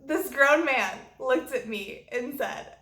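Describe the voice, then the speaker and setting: A woman's voice: high-pitched, expressive, slow, a bit bright. A woman vlogger telling a story in a blunt, profane way. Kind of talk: storytime vlog. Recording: roomy echo.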